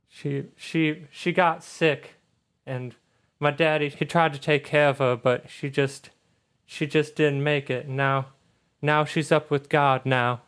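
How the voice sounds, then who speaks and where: A man voicing a chatty, tearful young girl in a tabletop game, speaking gently and haltingly. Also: smooth, natural voice. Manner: gentle, halting, high childlike voice.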